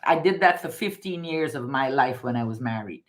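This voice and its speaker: A rumbling low, animated voice at a moderate pace belongs to a middle-aged card reader from Guyana. Casual and emphatic, she weaves storytelling into a spiritual reading, often saying phrases more than once.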